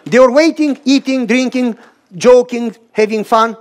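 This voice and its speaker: A man's voice: very high-pitched, measured pace, a faint crowd. A man preaching a sermon as pastor, telling a story animatedly with short, emphatic repeated phrases. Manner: animated and emphatic, acting out voices and rhythmic sounds; short repeated phrases, stressing each word.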